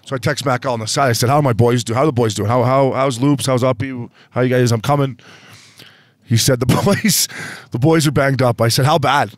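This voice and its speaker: Male co-host, mid-range voice, dry sound, quick joking banter. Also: mid-range voice, fairly even intonation, dry recording. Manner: quick interjections, joking and profane. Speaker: podcast co-host. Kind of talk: casual banter.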